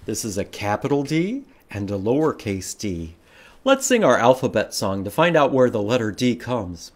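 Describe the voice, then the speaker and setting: A man's voice: mid-range voice, moderate pace. A man reading a picture book aloud to children at library storytime, asking them questions along the way. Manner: animated, asks children questions, makes animal sounds.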